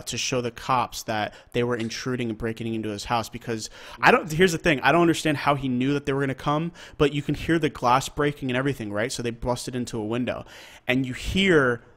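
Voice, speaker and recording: A man's voice: medium pitch, a bit bright. A man with a mid-range voice recounts a story in casual podcast talk. He is vivid and worked up, and he swears freely as he narrates. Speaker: podcast co-host. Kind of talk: casual chat.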